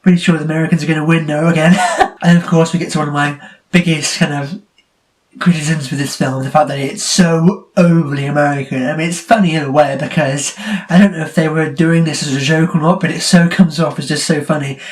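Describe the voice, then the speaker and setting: A man's voice: a little high, fairly even intonation, brisk. A man giving a casual spoken movie review, chatty and incredulous, often breaking into laughter. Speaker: film reviewer.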